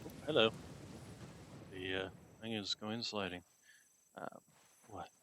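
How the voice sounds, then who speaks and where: Bright-voiced man streaming a game. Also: lowish voice, fairly even intonation, slow pace, slight background noise. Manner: chatty, talks to his cat between game remarks. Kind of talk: casual gameplay commentary.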